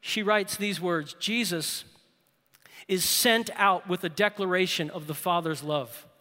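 Speaking in a large hall, a pastor preaches through stories, going quiet and deliberate for emphasis and then loud when he calls people to action.

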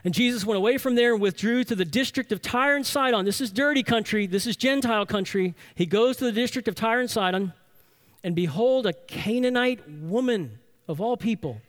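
A man with a notably high speaking voice delivers a sermon with emphatic conviction. He drives his points home by repeating key phrases and posing rhetorical questions to the room. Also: normal speed. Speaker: pastor.

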